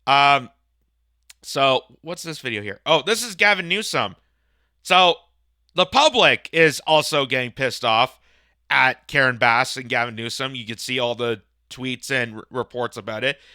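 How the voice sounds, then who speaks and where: A man's voice: mid-range voice, animated, unhurried, pushed and bright, no room sound, clean studio sound. A man hosting a political reaction commentary, ranting sarcastically with heavy emphasis. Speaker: commentary host.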